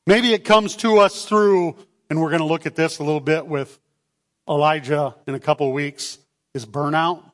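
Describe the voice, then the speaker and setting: A man preaching a sermon to his church, animated and calling out for amens. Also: fairly high pitch, moderate pace. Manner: animated, calls for amens, acts out voices. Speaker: pastor. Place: church sanctuary. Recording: long hall reverb.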